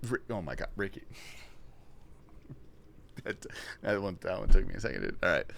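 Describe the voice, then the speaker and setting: A man's voice: low-pitched, sing-song, normal speed, gravelly, fairly bright tone, slight background noise. A man thinking aloud on a casual livestream while solving a word puzzle, swearing when frustrated.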